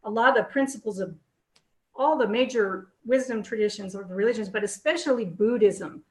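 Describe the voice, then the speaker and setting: A woman co-hosting a casual spiritual discussion, talking enthusiastically in quick bursts with restarts. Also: mid-range voice, roomy sound. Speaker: co-host.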